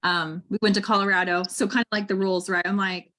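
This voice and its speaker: A woman's voice: mid-range voice, little pitch movement, fast talker, sharp tone. A woman in her thirties hosting a casual chat, talking chattily with many fillers like "like" and "right". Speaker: host.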